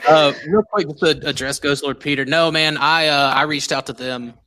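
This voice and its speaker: A man's voice: fairly high pitch, fairly even intonation, moderate pace, sharp tone, slight background noise. A man hosting a casual podcast chat, rambling through his points with many restarts. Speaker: podcast host.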